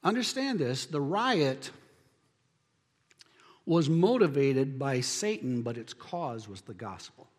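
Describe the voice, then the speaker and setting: A man preaching a sermon as pastor, building to emphatic near-shouts on key lines. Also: a little high, big-room sound.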